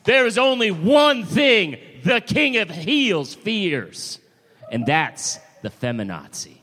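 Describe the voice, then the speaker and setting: A man doing an improvised comedy bit as a boastful wrestling villain, shouting mock boasts. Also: sits high, very animated, takes it slowly, in a large hall. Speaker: comedy game contestant. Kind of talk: improvised heel wrestler promo.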